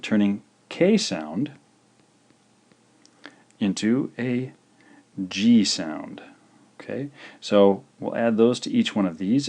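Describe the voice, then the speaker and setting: In a scripted video lesson, a man with a low, slightly mellow voice teaches a language. He sounds out each syllable slowly and with care, then repeats it.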